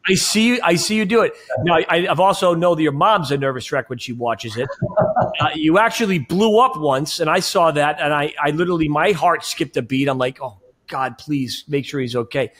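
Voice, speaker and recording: A man's voice: a little high, brisk, a bit bright. A man hosting a podcast, asking questions in an eager, admiring way. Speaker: podcast host. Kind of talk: casual interview talk.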